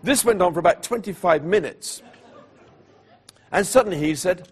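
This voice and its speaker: A man preaching, telling a personal story in an animated way and voicing the people in it, then going hushed at solemn moments. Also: sits high, moderate pace, breathy edge. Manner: animated storyteller who voices the people in his tale; drops to a hushed, quiet delivery at solemn moments. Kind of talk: storytelling sermon.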